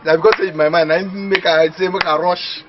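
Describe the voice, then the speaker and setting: An actor playing an excitable, boastful young village man who talks in Nigerian Pidgin English. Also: high-pitched, a little fast, close to an everyday voice. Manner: boastful, excitable, laughing often. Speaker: villager dreaming of going to the city. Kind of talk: comedy film acting. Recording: muffled film audio with faint hiss.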